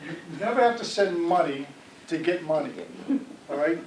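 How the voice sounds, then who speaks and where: A man's voice: a little high, animated, normal speed, a little hiss or hum. Man giving a talk in an echoey room. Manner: conversational, asks audience "right?" often. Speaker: fraud prevention speaker. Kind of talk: community presentation. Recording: echoey room, speaker far from mic.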